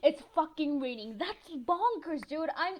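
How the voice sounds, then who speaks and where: A teenage girl from northern Mexico, chatty and excitable, telling a story as a gaming voiceover, swearing freely and laughing often. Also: sits high, measured pace. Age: teens. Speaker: gaming vlogger.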